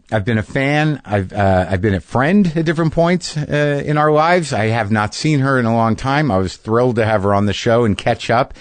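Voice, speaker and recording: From a studio mic in his home garage, a middle-aged man hosts a podcast in a rambling, casual monologue, repeating words and swearing freely. His voice is mid-range at a normal speed, with hardly any pauses and no echo.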